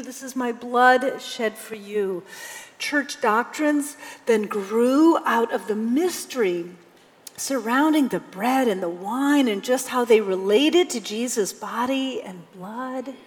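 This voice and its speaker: A woman pastor giving a sermon in a conversational preaching style, now and then reading scripture aloud with emphasis. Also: on the high side. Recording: long hall reverb.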